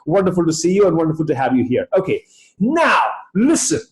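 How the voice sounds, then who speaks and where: A man's voice: a little high, sing-song, brisk, roomy sound. Emphatic motivational speaker man. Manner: emphatic, rhetorical, repeats for effect. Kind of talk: motivational talk to an online audience.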